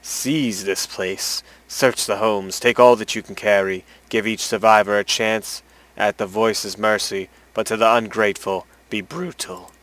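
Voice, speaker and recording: A man's voice: lowish voice, fairly even intonation, measured pace, fairly bright tone, no echo, low-quality recording. A man reading out the orders of a brutal male gang leader in a game, in a commanding way.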